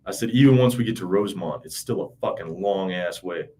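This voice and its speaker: A man's voice: low-pitched, brisk, warm tone. A man in his thirties in an interview, recounting events in a rambling, profane, casual way with frequent "you know". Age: 30s. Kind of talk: casual spoken recollection.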